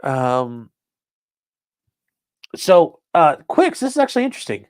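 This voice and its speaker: A man's voice: on the high side, wildly swooping pitch, unhurried, darkish tone, no room sound. A man hosting a casual crime livestream, sarcastic and profane, mocking his subjects and reading out chat comments. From rural area. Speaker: livestream host.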